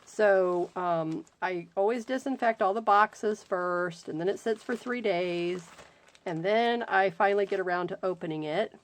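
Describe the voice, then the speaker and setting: Slow-talking gushing woman crafter. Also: medium pitch. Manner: gushing, exclaims often, slow drawn-out delight. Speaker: crafting channel host. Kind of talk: unboxing happy mail, casual chat.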